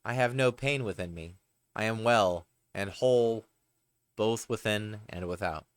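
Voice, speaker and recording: Man voicing a haughty oyster, deep and dry, storybook reading. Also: a little slow, clear, resonant tone, dry recording, natural voice. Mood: complacent. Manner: haughty, self-satisfied. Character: smug, complacent healthy oyster.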